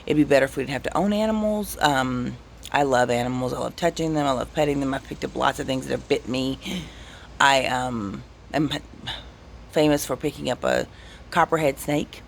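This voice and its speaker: This vlogger speaks in a creaky, mid-range voice at a moderate pace, telling casual, rambling anecdotes with lots of energy. He frequently breaks off mid-thought and begins again, and there's a little background noise.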